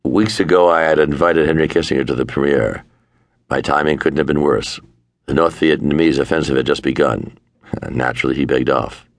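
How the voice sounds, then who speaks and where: An older man with a gravelly voice, narrating his own memoir in a wry manner, at times dropping to a murmur. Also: a bass voice, fairly even intonation, moderate pace, no room sound, studio quality. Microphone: close studio mic.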